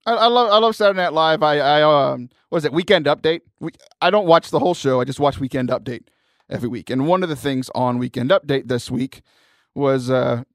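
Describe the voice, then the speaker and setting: A man hosting a casual comedic radio show, energetic and rambling, laughing between jokes. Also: a little high, dry recording, clean studio sound. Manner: energetic, jokey, rambling with restarts. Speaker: podcast host. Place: radio studio.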